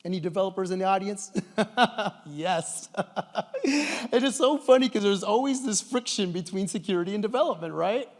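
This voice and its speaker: A middle-aged man gives a conference keynote from the stage, telling stories with lively, animated enthusiasm at a normal speed. His voice sits somewhat high for a man, and the large hall's long reverb trails every phrase.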